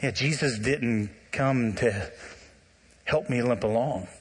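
Animated male preacher in a reverberant hall. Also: mid-range voice, takes it slowly, slightly rough. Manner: animated preaching, talks to the congregation directly. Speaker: pastor. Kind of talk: sermon.

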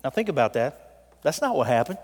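A man preaching a sermon in a church, telling a story and pleading with the congregation, swinging between loud appeals and soft, quiet moments. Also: medium pitch, big pitch swings, a little fast. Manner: tells a story with voiced characters. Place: church sanctuary. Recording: long reverb of a large hall.

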